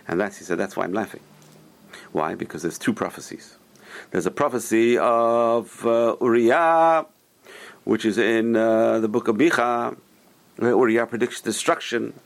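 A man's voice: fairly low pitch, unhurried, gravelly. A man teaching a Torah class, retelling old stories with rhetorical questions and Hebrew terms mixed in.

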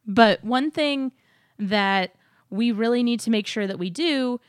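A woman's voice: fairly high pitch, a little slow, no echo, studio quality. A woman co-hosting a podcast in casual chat, talking in an upbeat way and laughing often as she talks. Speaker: podcast co-host. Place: new apartment studio.

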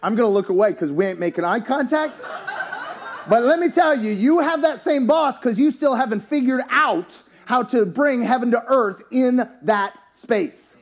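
A man preaching a sermon in a church, animated and joking, rising to shouts at his peaks. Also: very high-pitched, moderate pace. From US, town near country. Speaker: pastor.

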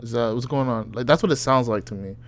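A man's voice: mid-range voice, fast, a little hiss or hum. Profane, joking man in casual chat. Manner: loose, profane and joking, reads quotes aloud with disbelief. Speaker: podcast co-host.

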